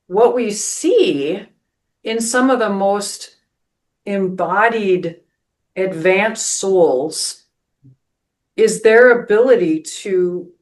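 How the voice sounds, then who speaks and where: A woman pastor hosting a spiritual podcast, telling a story in an earnest way, with many restarts and "right?" asides. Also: lowish voice.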